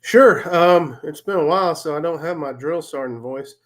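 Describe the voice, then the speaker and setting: A man in his forties, a retired army first sergeant, speaking candidly and plainly as an interview guest, often pausing and restarting. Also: on the high side, fairly bright tone. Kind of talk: casual interview talk.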